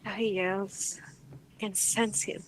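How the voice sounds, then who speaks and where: Halting, dreamy woman under hypnosis. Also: medium pitch, little pitch movement, a little hiss or hum, poor audio. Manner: hesitant, halting, dreamy speech with pauses and restarts. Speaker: hypnosis client. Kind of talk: describing visions under hypnosis.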